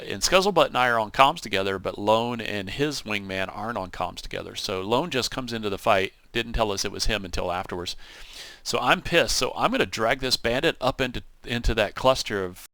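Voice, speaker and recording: A man giving casual, animated commentary over his own flight-sim gameplay, acting out what he and his wingman said. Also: fairly low pitch, normal speed. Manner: animated storytelling, acts out radio calls. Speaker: gaming channel host.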